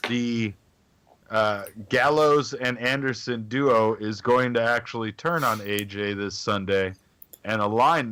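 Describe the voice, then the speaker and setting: A man's voice: medium pitch, fairly bright tone, clear, resonant tone. A man co-hosting a casual podcast, talking eagerly in long runs of thought. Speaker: podcast co-host. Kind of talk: casual chat about wrestling.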